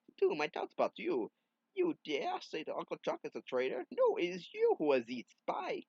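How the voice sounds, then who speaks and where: A proud, haughty young soldier declaims, voiced by a man. The voice sits high and is pushed loud. The recording is dull and dry. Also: huge pitch swings, normal speed, gravelly, breathy edge, no echo, full character voice. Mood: indignant. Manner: indignant, declaiming.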